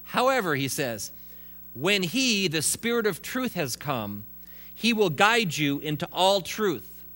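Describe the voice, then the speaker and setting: A man delivers a sermon in a relaxed, talky way, stumbling over words and restarting now and then. His voice sits a little high for a man and sounds bright and forceful. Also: takes it slowly, faint music behind. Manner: conversational preaching with asides and restarts. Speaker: pastor.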